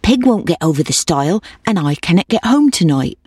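A woman's voice: lowish voice, very animated, fairly quick, darkish tone, slightly rough, dry recording. A woman voicing a frustrated old woman who repeats pleading commands, in a dry recording. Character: frustrated old woman stuck with a stubborn pig.

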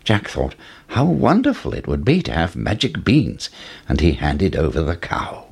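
A male storyteller reads a fairy tale aloud at an unhurried pace. His voice is low and husky, and it swings widely in pitch to bring the story to life. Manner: expressive, with wide swings in pitch.

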